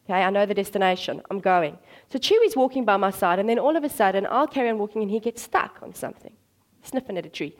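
A woman preaching a sermon, telling stories in an animated way and acting out the voices in them. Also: mid-range voice, fast talker. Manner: animated storytelling, acts out voices.

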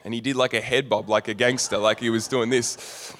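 A man's voice: mid-range voice, measured pace. A young man preaching a sermon, telling stories with humorous asides. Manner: storytelling, animated, with humorous asides.

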